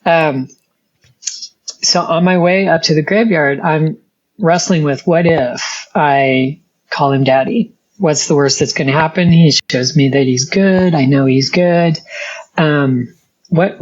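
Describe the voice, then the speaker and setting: A middle-aged woman, a guest in an interview, telling a personal faith testimony in an earnest, halting way with many restarts. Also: deep voice, a little mellow, slightly rough, lo-fi sound.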